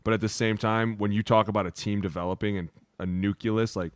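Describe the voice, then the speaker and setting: A man's voice: lowish voice, fairly even intonation, a little fast, no echo, studio quality. A man, a former lineman co-hosting a podcast, rambling in a loose, profane locker-room way. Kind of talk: casual chat.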